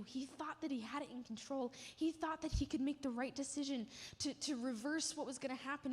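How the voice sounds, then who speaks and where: A woman giving a sermon, retelling a story vividly with emotional emphasis. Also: high voice. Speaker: church speaker. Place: church. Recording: long hall reverb.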